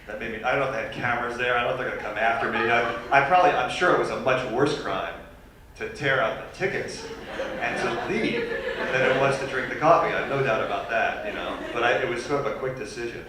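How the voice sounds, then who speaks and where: A man telling a funny personal story as a guest speaker at a university lecture, animated and self-deprecating. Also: medium pitch, fast talker, noisy background. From New York. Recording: echoey hall recorded from far off.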